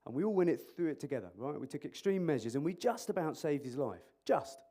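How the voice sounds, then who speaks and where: At a conference hall, a man with a fairly high voice talks fast into a microphone as an emergency clinician. His interactive talk is animated and jokey, and he quizzes the audience.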